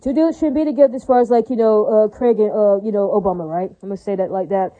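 A woman's voice: medium pitch, quick pace. A woman in a rambling, agitated monologue, repeating herself and tagging her points with questions. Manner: repetitive, rambling, with constant tag questions; agitated, profane. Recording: tinny phone-like audio.

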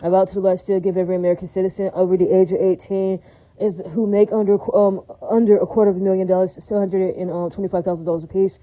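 A woman's voice: medium pitch, level tone, racing, dark tone, low-quality recording. A woman in a rambling casual monologue, preachy and full of religious phrases, often asking "does that make sense".

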